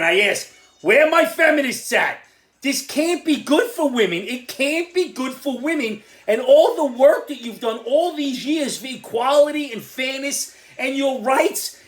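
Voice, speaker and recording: Angry older Irish ranting voice. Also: mid-range voice. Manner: angry, exasperated, sometimes shouting. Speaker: commentator. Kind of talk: ranting opinion monologue.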